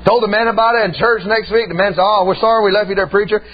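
A man's voice: sits high, fairly even intonation, rapid-fire. A male preacher giving a folksy sermon, telling stories and punctuating them with "amen". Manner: folksy storytelling preaching, repeated "amen" and "man". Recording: dull lo-fi sound with faint hum.

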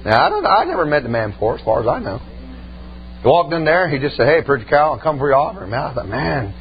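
A man's voice: on the high side, big pitch swings, fast talker. A male preacher giving a folksy sermon, telling stories and punctuating them with "amen". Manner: folksy storytelling preaching, repeated "amen" and "man". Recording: dull lo-fi sound with faint hum.

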